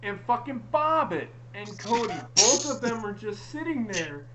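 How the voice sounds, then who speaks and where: A woman hosting a casual live stream chat, telling stories in an animated way with lots of swearing and laughter. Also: on the high side, measured pace, over a noisy crowd, poor audio. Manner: animated storytelling, heavy swearing, frequent laughing. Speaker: host.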